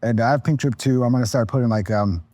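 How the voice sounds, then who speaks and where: Chatting casually as a podcast guest and content creator, this tired man in his thirties talks fast with a warm, medium-pitched voice. His rambling, relaxed talk is heavy on swearing and restarts, and the recording is dry.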